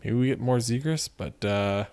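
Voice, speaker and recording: A man hosting a card-opening video, chatting casually and joking as he reads off names in quick runs. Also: medium pitch, a little mellow, smooth. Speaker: card-opening channel host. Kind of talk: casual commentary while opening card packs.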